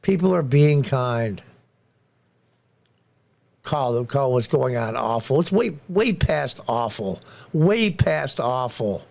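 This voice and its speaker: A man's voice: medium pitch, animated, slow, creaky, pauses often, a little mellow. A middle-aged man hosting a commentary show, delivering a blunt, indignant political monologue and repeating phrases for emphasis.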